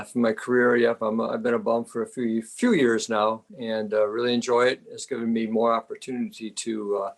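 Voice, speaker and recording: Older Wisconsin man, calm and reflective. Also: fairly low pitch. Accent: Upper Midwest American. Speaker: guest, retired psychotherapist and martial artist. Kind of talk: casual interview chat.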